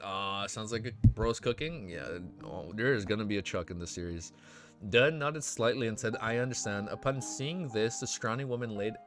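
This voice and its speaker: A man hosting a web novel reaction, reading chapters aloud and breaking off into excited asides and frequent laughter. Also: medium pitch.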